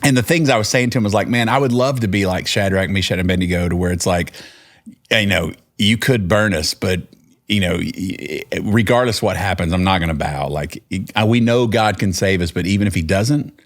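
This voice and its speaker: A man's voice: low voice, a little fast. A man with a Texan accent telling a long personal story in casual conversation, rambling with restarts and acted-out quotes. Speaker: podcast guest, singer-songwriter.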